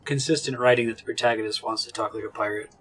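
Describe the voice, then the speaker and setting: Guy chatting over a game playthrough, raspy voice, a little music. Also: on the low side, steady tone, fast, a bit bright, recorded from a distance. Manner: reads game dialogue aloud, jokes and laughs. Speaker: gaming video creator. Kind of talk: let's play commentary.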